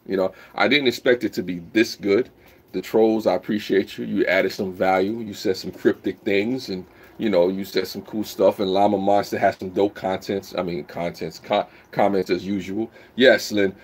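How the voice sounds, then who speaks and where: A man hosting a casual live stream, rambling while he reads the chat aloud and bursts into loud whoops. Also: fairly low pitch.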